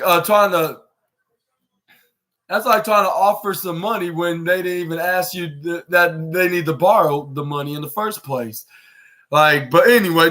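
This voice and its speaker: A man's voice: high-pitched, sharp tone. A young man hosting a podcast, recapping a wrestling show in a rambling way and acting out the quoted lines. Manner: rambling, many restarts, acts out quoted lines. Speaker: podcast host.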